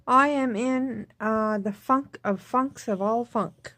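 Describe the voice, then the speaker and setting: A woman recording a personal video diary, speaking in a subdued, tearful, halting way and repeating herself. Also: on the high side, fairly bright tone, no room sound. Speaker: vlogger.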